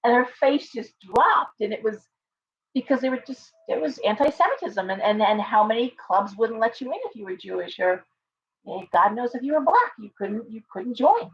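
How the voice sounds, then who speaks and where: A woman's voice: on the high side, animated, moderate pace. Woman hosting her own live stream: chatty, earnest, rambling, full of restarts. Recording a bit dull with faint background hiss. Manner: rambling, reading viewer comments aloud; earnest, with many fillers and restarts. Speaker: livestream host and tarot reader. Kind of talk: casual live-stream chat.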